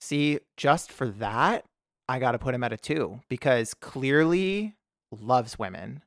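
A man guesting on a podcast, chatting casually, animated and laughing often. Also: medium pitch, unhurried, no echo, clean studio sound. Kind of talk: casual comedic chat.

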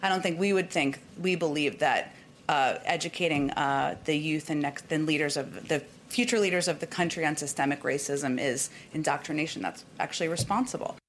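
A woman answering questions as a press secretary at a briefing, wry and a little halting. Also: low voice, a little hiss or hum.

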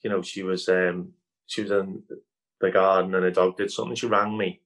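Speaking a little fast in a low, flat, slightly bright voice, this man from Liverpool, England, with a Scouse accent, is an improv comedy guest in a casual video-call interview. He rambles, uses plenty of fillers and restarts, laughs easily, and the recording is low quality.

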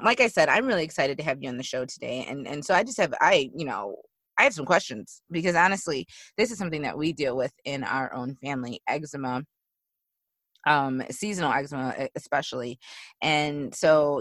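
A woman with a very low voice hosts an interview show. She talks in a chatty, halting way and laughs easily. Her voice sounds dry and close. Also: fairly bright tone, no room sound. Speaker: host. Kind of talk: podcast interview.

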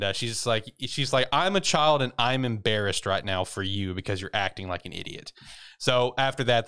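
Smooth, low-voiced man in casual chat. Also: a bit bright. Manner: rambling, swears freely, laughs often. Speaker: podcast co-host recapping anime.

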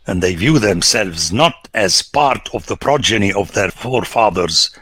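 A man, a priest, giving an emphatic biblical lecture, swinging between loud exclamations and hushed whispers. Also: on the low side, animated, breathy edge. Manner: slow, deliberate, rhetorical.

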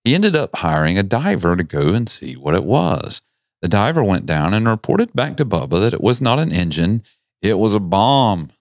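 A man's voice: fairly low pitch, very animated, normal speed, no echo, clean studio sound. A man, hosting a podcast and telling stories in a folksy, jokey manner. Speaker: podcast host. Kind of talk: casual storytelling chat.

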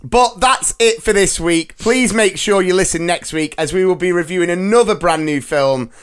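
A man's voice: high-pitched, normal speed, clean tone. A man hosting a movie podcast, jokey, upbeat and chatty. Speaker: podcast host. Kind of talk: casual chat.

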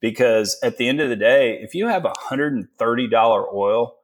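With a medium-pitched voice at an ordinary pace, this Texan guest in his forties, an energy investor, keeps the interview casual. He leans on fillers while telling stories in a joking, homespun way.

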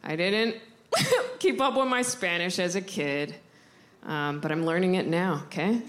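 A woman's voice: big pitch swings, moderate pace. A young woman from the United States doing stand-up comedy, bubbly and apologetic. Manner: bubbly, apologetic, jumpy pitch. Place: comedy club stage. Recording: stage mic, loud crowd and noise.

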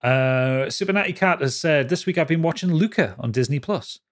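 Guy hosting a chatty podcast, voice swoops up and down a lot, laughs a bunch. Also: moderate pace. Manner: lively, laughs often, jumps high when reading quotes. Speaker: podcast host. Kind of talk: casual chat, reading listener messages.

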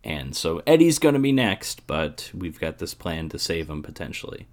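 A man's voice: sits low, normal speed. A man co-hosting a podcast, chatting casually and with energy as he walks through a film's plot. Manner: animated, chatty, spells out plot details. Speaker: podcast co-host. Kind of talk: casual movie-review chat.

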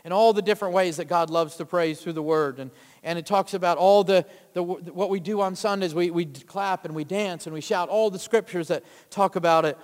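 High-voiced preacher in a reverberant hall. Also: male voice, fairly quick. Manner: rousing, calls for amens and asks the crowd questions. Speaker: pastor. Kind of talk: sermon. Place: church sanctuary. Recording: long reverb of a church hall.

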